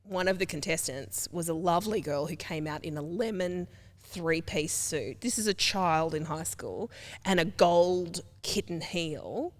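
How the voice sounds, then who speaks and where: Animated woman telling stories. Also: unhurried. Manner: animated storyteller, jumps to high pitch for quoted voices. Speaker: guest. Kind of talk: casual chat.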